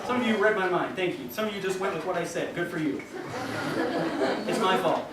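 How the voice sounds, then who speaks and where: A man's voice: high-pitched, a little fast, background noise. A man directing a school band in rehearsal, counting off and singing rhythms to the players. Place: large rehearsal room with band. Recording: roomy, distant camera audio with band.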